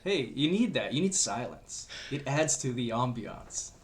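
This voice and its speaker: A man's voice: medium pitch, big pitch swings, a little slow. A man with a Canadian accent, a guest on a podcast, chatting in an easygoing, wry way. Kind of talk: casual chat.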